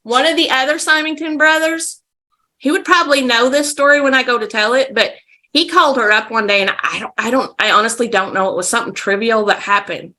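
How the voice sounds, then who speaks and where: A woman's voice: on the high side, a little fast. A woman guest on a podcast, vividly telling stories in a casual way. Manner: vivid, animated storyteller. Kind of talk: casual storytelling.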